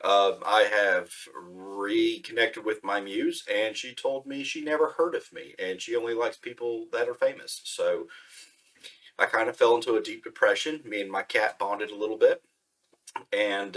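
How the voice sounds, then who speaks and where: A man introducing his character as a player, with deadpan comic delivery. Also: on the low side. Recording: distant from the mic.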